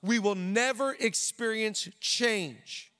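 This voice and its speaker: A man preaching a sermon as pastor, animated, with quick asides and playful asides to the crowd. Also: high-pitched, clear, resonant tone. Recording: long hall reverb.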